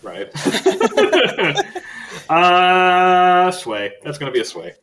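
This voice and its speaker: A man narrating a tabletop role-playing game as game master, casual and halting, with many fillers. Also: sits high, wildly swooping pitch, fairly bright tone, low-quality recording.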